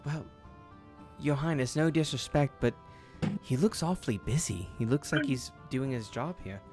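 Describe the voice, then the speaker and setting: Polite fawning woman court cleric in a tabletop game, a man doing the voice, average pitch. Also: a little mellow, faint music behind, close to an everyday voice. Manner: courteous, gushing, halting.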